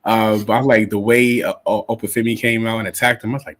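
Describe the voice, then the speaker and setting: A man's voice: on the low side, little pitch movement, quick pace, fairly bright tone. A man co-hosting a casual wrestling review podcast, hesitant and repeating his words. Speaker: podcast co-host.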